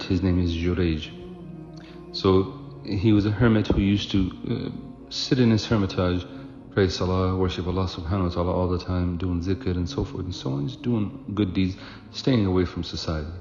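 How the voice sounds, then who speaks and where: A man's voice: low voice, moderate pace, darkish tone, lo-fi sound. A man telling a religious story in a sermon, chatty and loose, with fillers and restarts, recorded in an echoey hall with music behind. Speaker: preacher.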